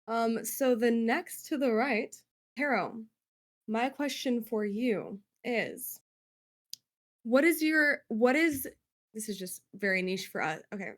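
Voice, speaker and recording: A woman's voice: a little high, unhurried. A woman who grew up in Spain, hosting a game show and asking contestants long, rambling questions in an affectionate tone.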